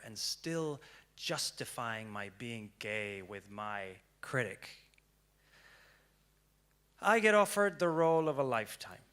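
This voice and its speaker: Bright-voiced man telling a stage story. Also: mid-range voice, animated, slow pace, pauses often, smooth. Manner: dramatic, swings from hushed to loud. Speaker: speaker. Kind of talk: prepared storytelling talk. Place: stage before an audience.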